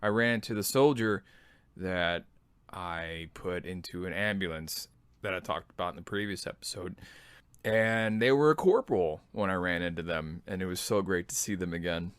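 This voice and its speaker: A man in his thirties, an army veteran, telling his own story as a podcast host in a relaxed, self-deprecating way. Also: low-pitched, normal speed, clear, resonant tone, dry recording. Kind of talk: personal memoir storytelling.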